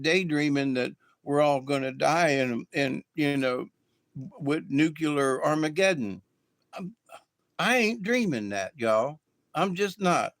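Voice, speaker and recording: A man hosting a live spiritual card reading, telling stories in a folksy, meandering way with lots of fillers. His voice is gravelly and somewhat high for a man. The sound is close and dry. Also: no echo. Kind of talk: rambling live-stream storytelling.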